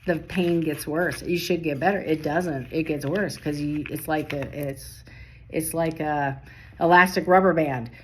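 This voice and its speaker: A tired woman reading tarot late at night, talking in rapid bursts that stop and restart mid-sentence. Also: low voice, steady tone, slight background noise. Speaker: tarot reader.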